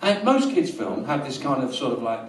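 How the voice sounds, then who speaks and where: A London comedian spins a long, absurd story with dry deadpan timing. He is recorded from a distance in a small live venue, so his voice has a roomy echo. The audience's laughter rolls up clearly behind him. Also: mid-range voice, normal speed, slight background noise. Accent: London English. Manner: rambling deadpan storytelling, bursts into loud rants. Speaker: stand-up comedian. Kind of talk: stand-up routine.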